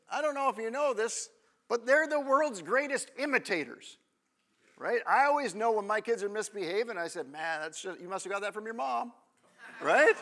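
Man, 30s, pastor; slow, conversational sermon delivery with a bright tone. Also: extremely high pitch. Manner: conversational, checks in with the congregation often.

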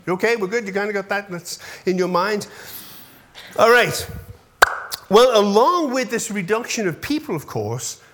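A man's voice: high-pitched, animated, moderate pace, noisy background. A man in his fifties, a pastor giving a casual update to his congregation, chatty and often checking in with his listeners, easily moved when he thanks them. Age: 50s.

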